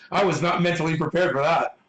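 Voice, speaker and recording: A man hosting a livestream, ranting at his chat with constant swearing. His voice sits high and swings widely in pitch. The sound is echoey, as if from a bare room. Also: pushed and bright. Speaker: livestream host reading chat. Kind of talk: casual livestream rant.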